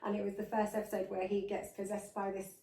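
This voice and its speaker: A woman's voice: medium pitch, completely flat delivery, quick pace, vocal fry, reverberant, recorded from a distance, noisy background. A woman hosting a podcast interview, chatting and laughing easily with her guest. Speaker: podcast host. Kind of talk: casual interview chat.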